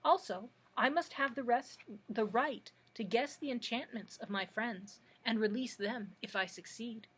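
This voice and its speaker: A woman voicing a bold, indignant yellow hen that talks back proudly, in a husky voice. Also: a little high, measured pace, few pauses. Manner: proud, clucking, sharp-tongued.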